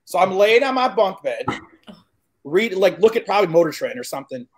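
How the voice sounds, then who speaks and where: A man in his forties from Chicago, a guest telling a story in casual, animated chat, cursing freely and acting out what people said. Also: high-pitched, brisk, husky. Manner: animated, profane, acts out quoted dialogue.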